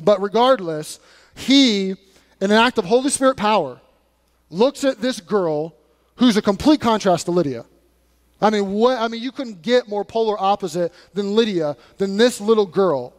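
A man preaching from the pulpit in a notably high voice, talking to the congregation in a direct, conversational way. He drives his points home with blunt, emphatic warnings. His voice rings out with a long reverb, as in a large church sanctuary. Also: lively intonation, moderate pace. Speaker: pastor. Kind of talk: sermon.

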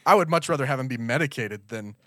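A man co-hosting a podcast in casual chat, quick with joking comebacks. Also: medium pitch, expressive, bright, forceful tone, no echo, clean studio sound. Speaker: podcast co-host.

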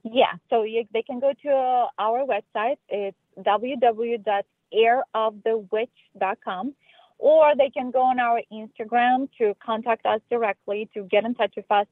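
A woman's voice: fairly high pitch, normal speed, no room sound. A woman speaking as a film guest on a radio interview, earnest and full of restarts. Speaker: filmmaker guest. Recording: tinny phone line.

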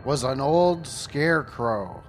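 Grim Reaper, played by a man, cheerful podcast guest, lively swooping delivery. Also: mid-range voice, slow, faint music behind. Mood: chipper. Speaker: guest playing Death. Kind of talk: improvised comedy podcast banter.

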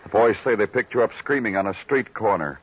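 An actor playing a plain-spoken police detective in a 1950s radio drama. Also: male voice, lowish voice, expressive, brisk, slight background noise, lightly acted. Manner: plain, matter-of-fact. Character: level-headed male police detective partner. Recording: dull old radio recording.

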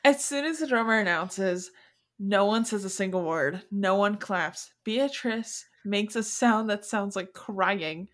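A woman hosting a podcast, retelling a story in casual, animated chat full of "like". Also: medium pitch, unhurried. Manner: chatty, animated retelling with frequent "like". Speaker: podcast host.

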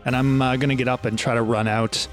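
A man playing a character in a tabletop game, who talks in an animated, flustered way. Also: mid-range voice, quick pace, faint music behind. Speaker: player.

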